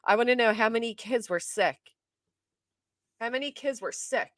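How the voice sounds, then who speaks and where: A woman doing live-stream commentary, reacting with outrage and loud exclamations, then dropping to muttering. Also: fairly high pitch, moderate pace, no echo. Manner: outraged, exclaiming, swings between shouting and muttering.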